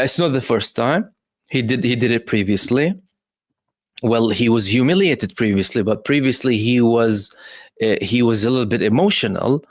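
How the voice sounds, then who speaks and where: A man's voice: fairly low pitch, no room sound, studio quality. Man hosting live news commentary. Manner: hesitant with many fillers, emphatic rhetorical questions. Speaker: host.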